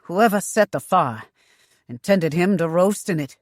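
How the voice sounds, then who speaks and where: A woman's voice: fairly low pitch, lively intonation, a little slow, dry recording, studio quality. Woman reading an out-of-breath man, urgent, audiobook. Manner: panting. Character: winded grown man, urgent and panting.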